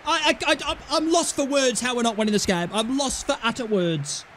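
Young guy, super high bright voice, screaming at his football game, bit of hiss. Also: moderate pace. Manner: animated, yelling at players, swearing, mock outrage. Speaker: gaming commentator. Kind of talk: excited football game commentary.

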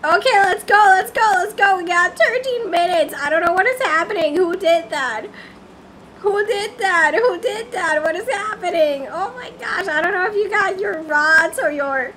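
A woman livestreaming a game in casual chat, excitable and repeating herself in bursts of confused exclamations. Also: extremely high pitch, unhurried, noisy background.

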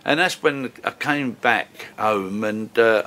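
A man's voice: medium pitch, takes it slowly, sharp tone. A man in his sixties with a Cockney accent, a musician telling stories in a rambling, chatty way with fillers and restarts. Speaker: musician guest. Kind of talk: casual storytelling interview.

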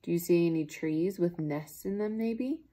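A teacher reading a picture book to young children, pausing to ask them gentle questions. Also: female voice, on the low side. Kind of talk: children's read-aloud.

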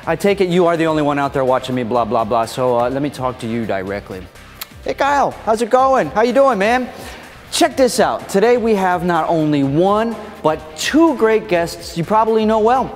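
A man hosts a scripted comedy show in a playful, theatrical way, acting wounded by criticism for laughs. His voice sits a little high for a man. The recording carries a long reverb tail, with music playing underneath. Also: sing-song, brisk, few pauses. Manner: playful, mock-indignant, theatrical.

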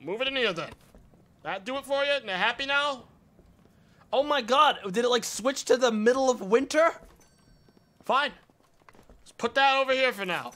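A male streamer giving live game commentary, exasperated and swearing, with sudden yells. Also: very high-pitched, moderate pace, pauses often.

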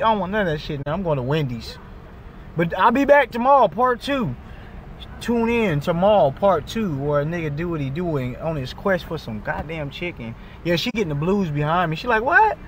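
A young man vlogging from his car in a drive-thru line, talking loud and exasperated, swearing and complaining. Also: a little hiss or hum. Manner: loud, exasperated, swearing, shifts pitch often. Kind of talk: casual vlog rant.

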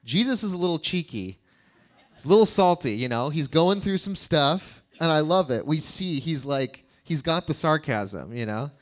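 A man's voice: a little high, animated, unhurried, fairly bright tone. Man preaching a casual sermon. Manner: casual and conversational, joking with the congregation. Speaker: pastor.

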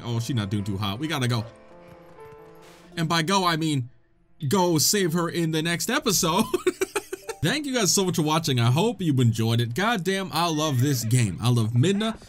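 Excitable young man playing a game. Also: fairly high pitch, moderate pace, faint music behind. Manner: excitable, laughing, swears and jokes. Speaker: gaming video host. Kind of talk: let's play commentary.

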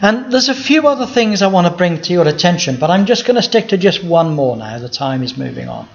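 Male pastor, slightly high voice, emphatic Bible sermon, dull recording. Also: very animated, brisk, creaky. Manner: emphatic, rhetorical questions to the congregation.

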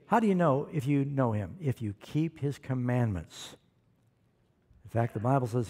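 A man preaching a sermon, animated and questioning the congregation, calling for amens. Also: medium pitch, moderate pace, pauses often, slightly rough. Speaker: pastor.

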